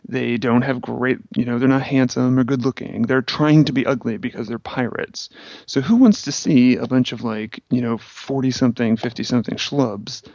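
A man tells a long story with sardonic bite and lots of fillers. The audio is dry and a little dull, as in a podcast. His voice sits at a middling pitch. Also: normal speed, darkish tone, no echo. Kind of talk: casual chat.

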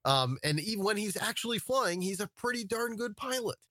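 A man's voice: high voice, animated, fairly quick, fairly bright tone, no echo. A man talking casually as a podcast guest over a video call, hesitant and full of fillers and restarts. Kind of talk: casual chat.

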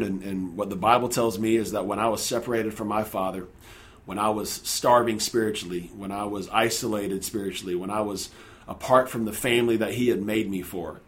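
Man telling a story, earnest and animated. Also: on the low side, moderate pace. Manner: earnest, animated retelling with acted-out quotes. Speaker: guest telling his story. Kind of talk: conversational storytelling.

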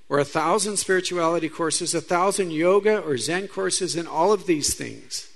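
A man's voice: on the high side, gravelly. A man, a Catholic priest, preaching a sermon in a conversational style, telling stories and speaking asides to the audience.

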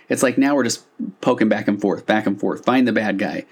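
A man's voice: fairly low pitch, fairly quick, darkish tone, husky. A man who works as a couples therapist, explaining a therapy concept to listeners in a loose conversational way, with fillers and restarts.

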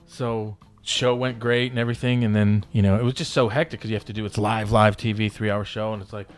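A man's voice: fairly low pitch, flat delivery, a little fast. A man in his fifties telling stories as a podcast guest, rambling and swearing casually. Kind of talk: casual storytelling in a podcast interview.

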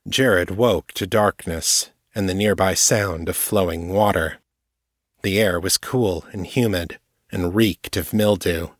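Low, husky male narrator. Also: slow pace, no room sound, clean studio sound. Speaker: author reading his own novel. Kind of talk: scripted audiobook narration.

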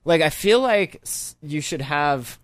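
A man's voice: on the high side, animated, takes it slowly, no echo. A man hosting a podcast in casual chat, joking, swearing freely and laughing often. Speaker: podcast host.

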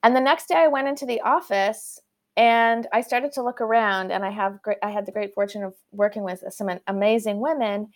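A woman from Canada, a guest author, telling her story in an animated way with frequent restarts. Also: mid-range voice, a little fast. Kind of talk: conversational storytelling.

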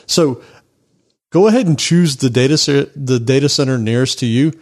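A man's voice: medium pitch, moderate pace. Enthusiastic male podcast co-host. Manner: enthusiastic, conversational. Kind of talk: casual tech podcast ad read.

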